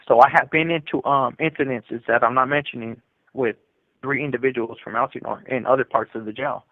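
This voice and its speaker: A man's voice: mid-range voice, steady tone, brisk, dry recording. A man telling his own story in a rambling, casual way, full of fillers and quoted back-and-forth, recorded over a prison phone call.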